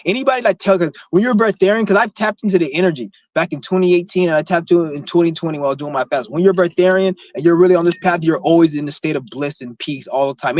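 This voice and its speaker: A man with a slightly high voice rants at a rapid clip, rambling and swearing as he preaches to his viewers. The recording is dull and lo-fi, with a dry sound and no room echo. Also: a little mellow. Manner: profane, rambling, emphatic. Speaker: vlogger preaching breatharianism. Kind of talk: casual rant to camera.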